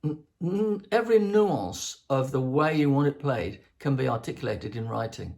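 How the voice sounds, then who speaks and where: Older male host, gravelly, rambling solo chat, scats rhythms mid-sentence. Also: mid-range voice, animated, normal speed, a little mellow. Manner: sings rhythms to illustrate, restarts often.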